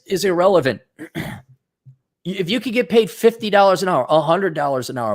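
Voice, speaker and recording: A man's voice: fairly high pitch, very animated, brisk. Blunt, profane middle-aged man giving advice. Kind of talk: unscripted advice monologue.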